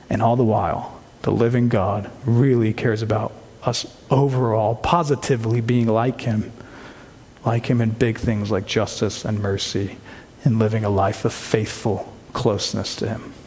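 A man's voice: medium pitch, a little mellow. Earnest preaching man in a reverberant hall. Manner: earnest, emphatic preaching with rhetorical questions. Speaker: pastor. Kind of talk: sermon.

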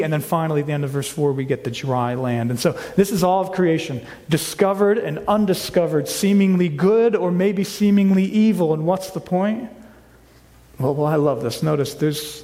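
A man's voice: on the high side, darkish tone. A man preaching a sermon as pastor, earnest, often restarting and repeating his words. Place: church hall. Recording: long hall reverb.

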